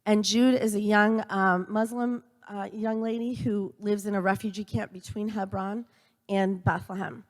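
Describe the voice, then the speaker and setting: A woman's voice: medium pitch, steady tone, darkish tone. Earnest woman speaking in a reverberant church. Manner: earnest, halting, with frequent fillers and restarts. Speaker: speaker at a church event for a university. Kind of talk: earnest storytelling speech.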